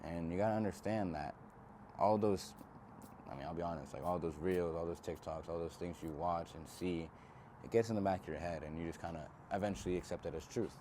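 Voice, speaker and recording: A man's voice: low voice, fairly quick, warm tone, a little hiss or hum. A young man giving an earnest, casual self-help talk to camera, reflective and slangy.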